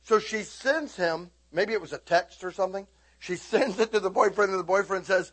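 A middle-aged pastor preaches a sermon at a fairly quick pace, telling stories with lively, animated energy. He breaks into sudden high shouting bursts and keeps checking in with his listeners.

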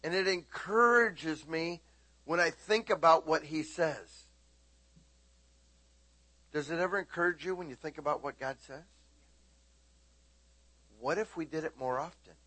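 A man preaching a sermon, animated, swinging between loud exclaiming and hushed talk. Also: fairly high pitch, a little slow, long pauses, no room sound.

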